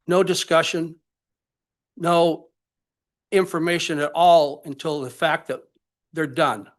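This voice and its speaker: A man's voice: a little high, fairly even intonation. Emotional older man giving public comment. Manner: emotional, halting.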